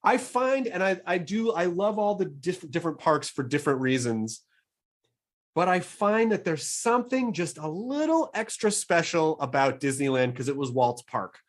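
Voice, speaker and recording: A man's voice: on the high side, big pitch swings, normal speed. A middle-aged man hosting a podcast, chatting eagerly and rambling through his thoughts with frequent restarts. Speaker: podcast host. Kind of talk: casual interview chat.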